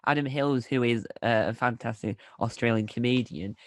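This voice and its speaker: A man interviewing a guest, asking questions in a halting way and repeating words as he goes. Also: medium pitch. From Britain. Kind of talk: casual interview.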